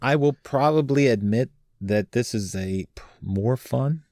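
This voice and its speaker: A man's voice: mid-range voice, a little slow, slight background noise. A man co-hosting a podcast, telling gaming stories in casual chat and laughing often. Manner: animated storyteller, laughs often. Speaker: podcast co-host.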